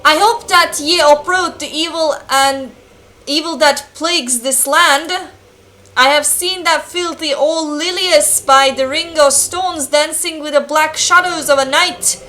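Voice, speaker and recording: A woman's voice: high voice, unhurried, pushed and bright, voice pushed up. A woman voicing a formal, pious old village priest with archaic speech. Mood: grave.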